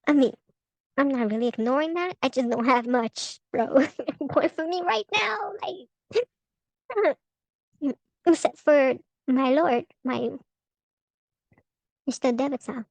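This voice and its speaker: Young woman with a high voice, chatting thru tarot cards, swears a lot and rambles, dry close sound. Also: dry recording, low-quality recording. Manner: blunt and profane, laughing, rambling with restarts. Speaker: tarot vlogger. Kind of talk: casual tarot reading commentary.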